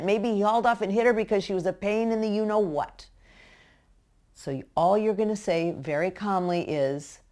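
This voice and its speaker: A woman's voice: mid-range voice, darkish tone. A woman giving practical, direct advice to parents in a teaching talk. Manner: direct, practical, acts out parent and child voices. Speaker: parenting educator.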